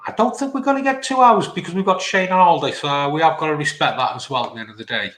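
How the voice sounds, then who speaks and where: Chirpy host in a roomy space. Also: male voice, on the high side, quick pace, fairly bright tone. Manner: chirpy, banter-heavy. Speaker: show host reading viewer comments. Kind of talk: casual live-stream chat. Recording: roomy echo.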